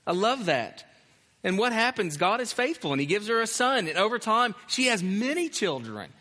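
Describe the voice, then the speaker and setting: A man's voice: high-pitched, lively intonation, normal speed, pushed and bright, in a large hall. A male pastor preaching a sermon in an emphatic, conversational way. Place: church.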